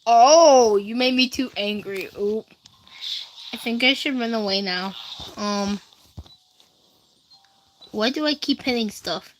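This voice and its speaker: A woman's voice: medium pitch, slow pace, long pauses, a bit bright, a little hiss or hum, rough recording. A young woman streaming a game, chatting casually with her chat and reacting to what happens on screen. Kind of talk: casual gaming livestream chat.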